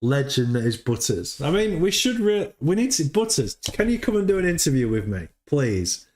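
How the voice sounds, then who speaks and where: A man's voice: on the high side, very animated, moderate pace, darkish tone. A man hosting a casual livestream, rambling and repeating words as he chats. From United Kingdom. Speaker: livestream host.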